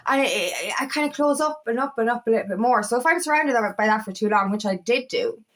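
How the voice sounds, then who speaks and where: Speaking quickly and expressively in a higher voice, this empowerment coach addresses the camera casually and candidly. She swears freely and repeats phrases throughout her spiritual vlog.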